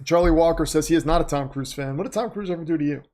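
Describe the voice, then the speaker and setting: A man's voice: fairly high pitch, racing, darkish tone. Chatty man calling a live game stream. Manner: chatty, reads viewer comments aloud, muses off-topic. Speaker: livestream host reacting to a football game. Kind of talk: casual live-stream chat and play-by-play.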